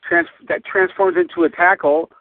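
A man's voice: sits high, huge pitch swings, normal speed, vocal fry, dry recording. A man calling in to a fan show, cursing in exasperation. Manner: profane, exasperated. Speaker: caller. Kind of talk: angry voicemail rant. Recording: tinny phone line, dry.

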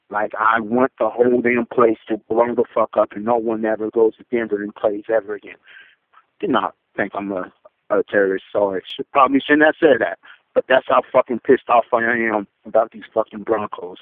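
A gravelly-voiced man calls in over a tinny, dry phone line. He rants angrily and swears constantly, his voice leaping high when he gets worked up. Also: no echo. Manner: angry, profane, pitch jumping sharply. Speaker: caller. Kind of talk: fan call-in rant.

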